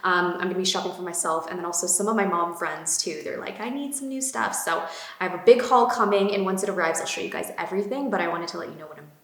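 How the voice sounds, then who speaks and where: Bubbly chatty woman, low voice. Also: fast talker. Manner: bubbly, gushing, many fillers. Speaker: beauty vlogger. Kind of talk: casual chatty product talk. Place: home room. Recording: echoey room.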